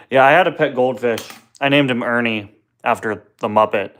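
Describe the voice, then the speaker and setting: A young man runs a casual live Q&A stream from home, speaking into a phone on a tripod. His medium-pitched voice is a bit bright and a little slow, and he jokes and stumbles over his words.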